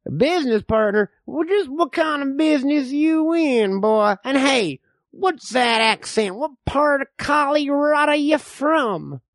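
A man voicing a nosy, rambling, bigoted old frontier man who talks in slow, folksy slang. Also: extremely high pitch, expressive, no room sound, studio quality, pitched above the performer's own voice, heavily acted.

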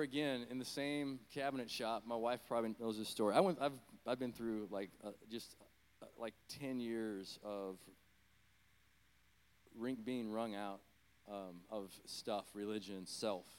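Rambling middle-aged preacher man. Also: mid-range voice. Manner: rambling, self-deprecating, apologetic asides. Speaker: preacher, former full-time pastor. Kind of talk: conversational sermon with personal story.

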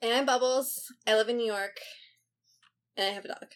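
A woman with a slightly high voice hosts a casual podcast chat. She speaks in a relaxed, hesitant way, filling her pauses with ums. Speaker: podcast host.

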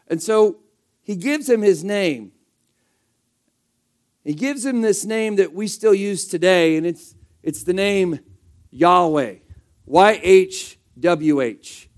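High-voiced man preaching a sermon. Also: expressive, takes it slowly, pauses often. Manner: conversational preaching, rhetorical questions to the congregation. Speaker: pastor.

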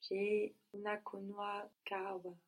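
Woman, language student, breathy, flat intonation, short hesitant answers. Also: mid-range voice, normal speed. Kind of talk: answering drills in a lesson.

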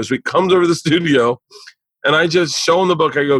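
A man's voice: on the high side, fast talker, a bit bright, breathy edge, no room sound. A man hosting a podcast, chatting casually and telling profane, rambling stories with acted-out dialogue. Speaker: podcast host and comedian. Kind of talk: casual chat, storytelling.

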